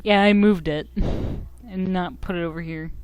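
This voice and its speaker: A woman's voice: fairly low pitch, fairly even intonation, unhurried, dull audio. Young woman streamer joking over a game. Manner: joking and self-mocking, reads game text aloud. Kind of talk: casual game commentary. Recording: faint game music behind.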